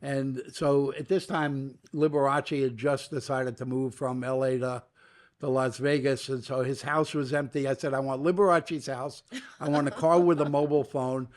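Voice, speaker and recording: In this storytelling interview, the guest is an older media entrepreneur from New York who recounts long tales and voices the characters' lines as he tells them. He speaks at a normal speed with a medium pitch.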